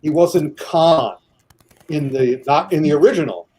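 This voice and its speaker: A man's voice: fairly high pitch, unhurried, mellow, husky. A man in a casual debate chat, talking passionately and rambling with many restarts.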